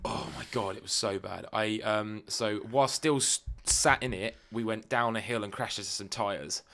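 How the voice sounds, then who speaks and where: A man's voice: fairly low pitch, normal speed, vocal fry, fairly bright tone. A young man co-hosting a podcast, telling a long rambling story full of fillers and casual swearing. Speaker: podcast co-host. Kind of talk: casual chat.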